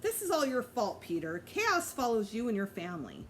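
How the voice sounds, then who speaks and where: A woman's voice: a little high, wildly swooping pitch, moderate pace, fairly bright tone, a little hiss or hum. A woman voicing a grumpy, snooty teenage girl who talks haughtily and irritably. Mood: irritated.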